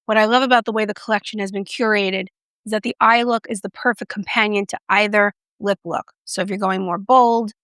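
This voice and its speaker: A woman doing a casual makeup review vlog, chatty and playful, with self-mocking asides and soft whispered moments. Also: medium pitch, steady tone, fairly quick, no room sound, clean studio sound. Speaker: beauty reviewer.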